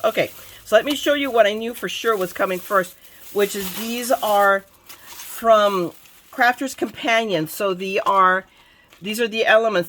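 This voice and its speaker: A woman crafting vlogger chatting excitedly to viewers about the mail she got, bubbly and gushing. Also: medium pitch, slight background noise. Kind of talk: excited casual happy-mail chat.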